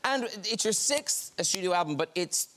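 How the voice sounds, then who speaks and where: A man's voice: sits high, lively intonation, normal speed, fairly bright tone, slight background noise. A man hosting a talk show with a playful, teasing manner. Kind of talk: casual chat. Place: studio.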